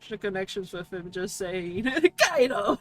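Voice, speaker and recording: This VTuber streamer speaks at a medium pitch, very animated yet measured in pace, with faint music behind her. While playing a game, she talks directly to chat in a casual way, cursing liberally and laughing a lot.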